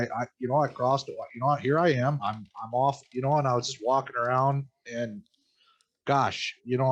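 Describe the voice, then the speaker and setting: Man voicing a chatty young scholar, rambling, overeager, stacks of "you know", mid-pitched. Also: close to an everyday voice. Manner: rambling, fills every pause with "you know". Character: rambling, eager young male scholar adventurer. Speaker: player in character. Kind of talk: tabletop role-play.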